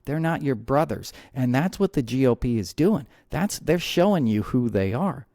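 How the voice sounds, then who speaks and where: Dude ranting on his podcast, kinda gravelly, heated, keeps restarting his sentences. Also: medium pitch, lively intonation, normal speed, mellow, no room sound, clean studio sound. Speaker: podcast host. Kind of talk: angry political commentary.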